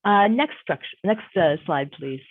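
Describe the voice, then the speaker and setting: A woman's voice: on the low side, lively intonation, measured pace, breathy edge. A woman career coach giving an online workshop presentation, conversational and emphatic, repeating her key points. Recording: tinny phone-like audio.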